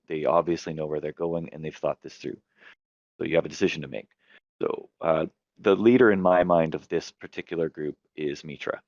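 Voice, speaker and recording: A man with a very low voice recaps his tabletop game in a relaxed, rambling way, stopping now and then to correct himself. The recording is dull and lo-fi, in a dry room with no echo. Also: fairly quick. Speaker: game master and podcast host. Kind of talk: casual chat about tabletop games.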